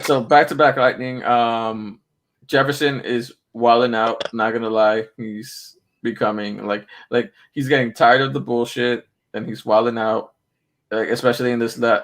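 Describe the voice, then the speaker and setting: A man's voice: medium pitch, little pitch movement, normal speed. A man hosting a casual podcast, rambling in a laid-back way and swearing freely.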